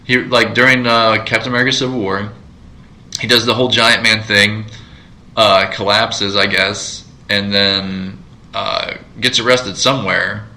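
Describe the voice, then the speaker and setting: Bright-voiced rambling man. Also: on the low side, fairly even intonation, a little slow, low-quality recording. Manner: rambling, many fillers and restarts. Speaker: podcast co-host. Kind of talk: casual chat.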